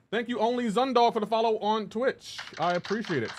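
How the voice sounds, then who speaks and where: A man's voice: high voice, a little fast, hardly any pauses. Chatty male streamer reading chat. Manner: greets viewers by name, upbeat, laughs often. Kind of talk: casual live-stream chat.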